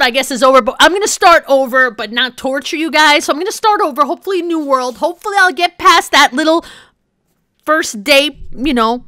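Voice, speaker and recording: High, bright woman narrating her gameplay. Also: no echo, studio quality. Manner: chatty, self-talking, frequent hopeful asides; bursts into shrieks and laughter when startled. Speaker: gaming channel host. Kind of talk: Let's Play commentary.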